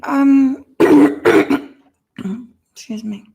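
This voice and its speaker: A woman's voice: mid-range voice, level tone, normal speed, a little mellow. A woman in her fifties with an accent halfway between British and Australian, chatting on a live stream while giving psychic readings to viewers. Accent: mix of British and Australian. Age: 50s. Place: home in southern Thailand.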